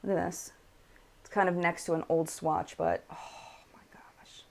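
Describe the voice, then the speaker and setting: A woman's voice: lowish voice, flat delivery, moderate pace, gravelly. Chatty American woman live-streaming. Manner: chatty, reads viewer comments aloud, swatches makeup on camera. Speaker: beauty YouTuber hosting a live chat. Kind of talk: casual live-stream chat.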